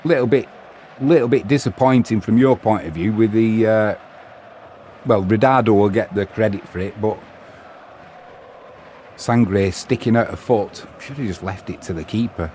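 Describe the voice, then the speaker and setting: A middle-aged Englishman with a fairly low voice hosts a casual live football stream. He chats loosely and banters with viewers between bits of match commentary, over a faint hum of noise behind him. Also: normal speed, long pauses, warm tone. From England. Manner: chatty, bantering, reads viewer messages aloud.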